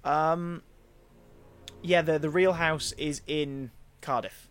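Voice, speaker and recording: A man's voice: fairly high pitch, fairly even intonation, takes it slowly, faint music behind. A man streaming a game, chatting casually and telling rambling stories while reading the chat aloud. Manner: chatty storyteller, rambling with restarts, reads out chat.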